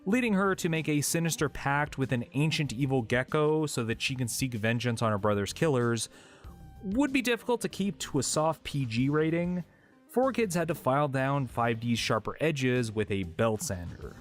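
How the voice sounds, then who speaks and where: A man narrating a scripted video essay, dry and a little wry. His voice sits in a middle pitch, with soft music beneath it. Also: lively intonation, normal speed.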